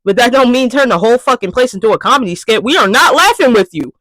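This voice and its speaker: Young woman venting on her vlog, high voice all over the place, cussing and yelling a lot. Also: quick pace, no room sound, poor audio. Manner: exasperated, swearing rant; loud, animated outbursts. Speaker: vlogger. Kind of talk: ranting vlog monologue.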